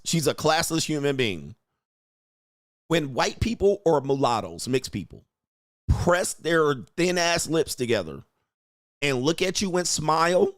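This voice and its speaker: A man's voice: fairly high pitch, fairly bright tone, no room sound, studio quality. A man hosting his own stream, giving blunt, mocking commentary while reacting to a clip. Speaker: host.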